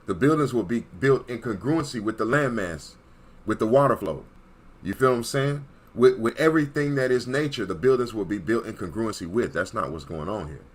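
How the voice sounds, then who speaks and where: A man's voice: medium pitch, lively intonation, a little fast. A man giving an emphatic, preachy monologue as an online commentator, repeating points and checking in with his listeners. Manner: emphatic, repetitive, checks in with "Okay?".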